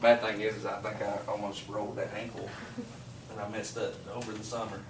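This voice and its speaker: Animated male teacher in an echoey classroom. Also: on the low side, brisk. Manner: animated storyteller, laughing while telling. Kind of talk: classroom lecture with storytelling. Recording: echoey classroom from far off, noisy.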